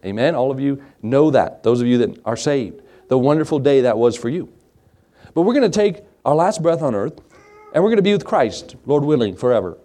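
Male pastor, lively storyteller, pitch swinging widely, laughs through the story. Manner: animated storyteller, laughs often. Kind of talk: sermon with a personal story.

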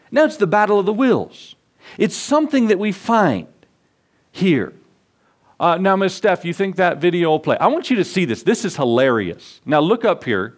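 A man preaching a sermon in a church, telling stories and acting out the people in them. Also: fairly high pitch. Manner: animated storytelling preacher, acts out voices. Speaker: pastor. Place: church sanctuary.

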